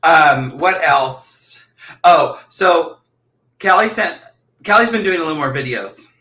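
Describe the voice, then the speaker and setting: A man hosts a casual livestream chat from a room in a house, animatedly telling stories, acting out quotes and laughing often. His voice is on the high side, expressive, slow, pushed and bright, and the room sounds echoey.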